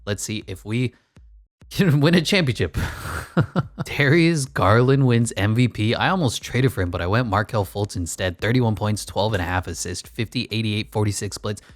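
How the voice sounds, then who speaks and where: Guy with a lowish voice rambling thru a basketball sim, blunt and jokey, dry sound. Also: fairly quick, few pauses, no echo. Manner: blunt, chatty, wry asides. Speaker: gaming YouTuber. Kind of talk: casual gameplay commentary.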